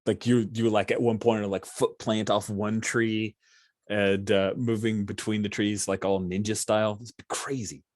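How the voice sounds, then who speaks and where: A man narrating as game master in a relaxed, hesitant way with many fillers. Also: fairly low pitch, moderate pace, no echo, studio quality.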